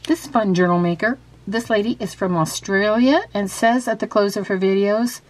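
A woman's voice: medium pitch, normal speed, few pauses. A woman chatting casually about her handmade journal, with frequent ums and restarts, then reading out quiz questions. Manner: reads quiz questions aloud. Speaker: craft vlogger. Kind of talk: casual show-and-tell and quiz.

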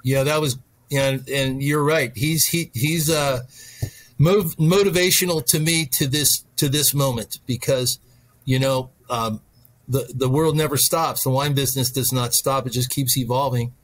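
A man's voice: mid-range voice, measured pace. A middle-aged man, a wine specialist, chatting as a guest and telling long anecdotes, with frequent restarts. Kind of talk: storytelling interview chat.

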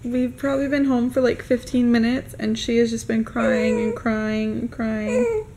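A young woman narrating a casual family vlog to camera, chatty and candid with quick run-on asides. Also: fairly high pitch, lively intonation, heavy background noise. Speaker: family vlogger.

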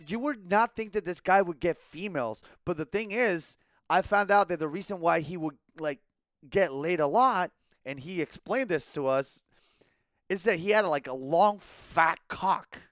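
A man's voice: high-pitched, a little slow, a bit bright, dry recording, faint music behind. A young man streaming a game and rambling through a casual story, with lots of likes and restarts.

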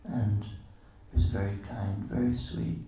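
Male lecturer, low and dark-toned, relaxed storyteller who acts out quotes; very echoey, distant hall recording. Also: slow. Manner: casual storytelling, acting out quoted dialogue with chuckles. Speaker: guest lecturer at a temple. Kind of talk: anecdotal morning lecture. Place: temple hall.

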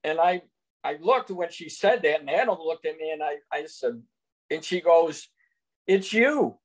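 A man's voice: fairly high pitch, normal speed. An older man on a video call telling an earnest faith testimony, recounting conversations in quotes. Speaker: guest giving testimony. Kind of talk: testimony storytelling.

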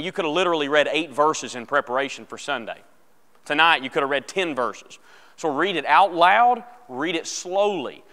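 Male Bible class teacher, smooth clear voice, casual and joking, church hall reverb. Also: fairly high pitch, fairly bright tone.

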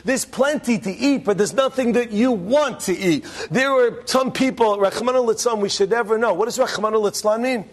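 A man, a rabbi, telling a story to a class in a lively way, acting out the quotes and asking the audience questions. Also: high-pitched, normal speed, hardly any pauses, breathy edge. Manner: animated, acts out quotes, asks the audience questions.

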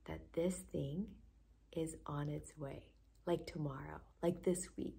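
A woman coaching listeners through a guided breathing practice, with gushing, excited encouragement and frequent drops into a breathy whisper. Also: low voice, slow pace. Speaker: manifestation coach.

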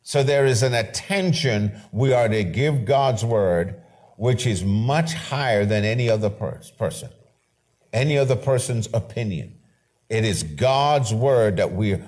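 A middle-aged male pastor preaching a sermon with emphasis, slowing down to read scripture and repeating key phrases. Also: medium pitch, a little mellow. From Canada.

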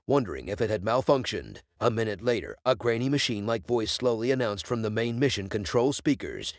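A man's text-to-speech voice giving scripted narration of a story in a steady, even reading. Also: medium pitch, no room sound, studio quality.

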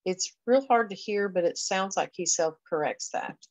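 In a poor-quality recording, a woman education professor gives a conversational lecture walking through a reading assessment. She explains step by step with frequent fillers, her fairly low voice animated and moderately paced.

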